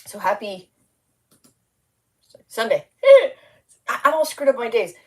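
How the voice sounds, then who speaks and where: A woman's voice: a little high, lively intonation, slow, slight background noise. A woman hosting a casual live stream, tired and slap-happy, rambling as she greets viewers by name.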